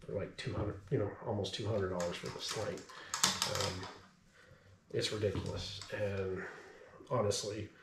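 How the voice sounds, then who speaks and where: A man's voice: fairly low pitch, steady tone, a little slow, pauses often, echoey room, recorded from a distance, heavy background noise. A man, out of breath, talking casually to camera in a rambling, laid-back way full of fillers. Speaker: gun reviewer.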